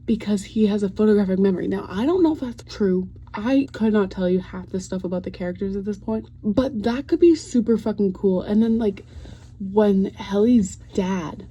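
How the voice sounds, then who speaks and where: A woman's voice: mid-range voice, moderate pace, warm tone, slightly rough, highs cut off. A young woman casually chatting to camera at home in a video diary, rambling through a fan rant and swearing freely. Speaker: vlogger. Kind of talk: casual vlog chat.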